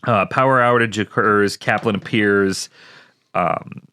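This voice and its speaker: A man with a slightly low voice co-hosts a casual film podcast and walks through the plot from his notes. His delivery is dry and close, with no room sound, and he drops wry asides as he goes. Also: unhurried, sharp tone, smooth, no echo. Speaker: podcast co-host. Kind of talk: casual movie podcast chat, recapping the plot.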